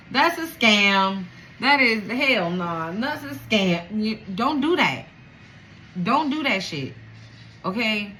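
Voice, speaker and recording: A woman giving a channeled spiritual reading to viewers, emotional and animated, swearing casually. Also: fairly high pitch, slight background noise, poor audio. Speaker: spiritual reader.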